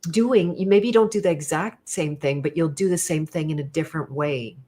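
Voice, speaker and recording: Woman host, lowish voice, thoughtful and explanatory. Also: moderate pace, warm tone. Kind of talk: livestream conversation. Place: indoor studio.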